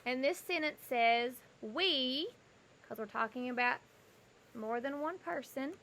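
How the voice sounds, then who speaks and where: A woman's voice: sits high, slow pace, a bit bright. A woman teaching a kindergarten lesson, patient and repetitive, spelling words out letter by letter for young children. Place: home porch.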